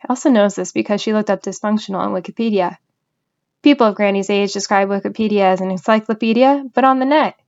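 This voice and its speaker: A woman's voice: mid-range voice, quick pace, dull audio. Woman reading a novel aloud. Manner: even, storytelling narration. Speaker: audiobook reader.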